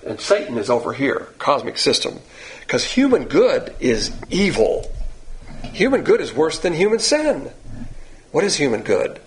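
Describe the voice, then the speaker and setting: An older man preaching a sermon in a blunt, animated, coarse-spoken way. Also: a little high, unhurried, slight background noise, rough recording. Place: church in Texas.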